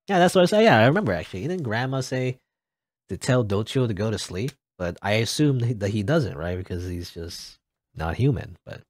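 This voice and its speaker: Lively, joking let's-play guy. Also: lowish voice, a little fast. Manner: joking asides between read-out lines. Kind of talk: casual game commentary, reading dialogue aloud.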